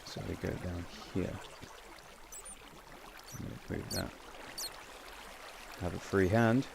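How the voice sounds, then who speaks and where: A man's voice: low-pitched, steady tone, takes it slowly, gravelly, noisy background. A man giving casual, rambling gameplay commentary with wry asides and frequent self-corrections. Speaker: game channel host.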